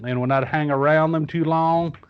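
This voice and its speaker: A man's voice: fairly high pitch, fairly even intonation, moderate pace, clear, resonant tone, lo-fi sound. A man chatting casually as a guest on a podcast, rambling with many fillers and restarts. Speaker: guest toy reviewer.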